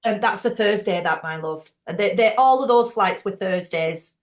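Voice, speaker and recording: Chatty woman in a roomy space. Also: mid-range voice. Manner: chatty, frank, quick to laugh. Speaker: team leader hosting a group call. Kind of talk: casual chat.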